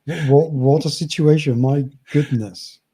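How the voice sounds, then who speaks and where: A man's voice: on the high side, fairly even intonation, measured pace, mellow, breathy edge. A man hosting an interview, answering his guest with sympathy and support and often repeating words as he begins. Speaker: host. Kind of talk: casual conversation.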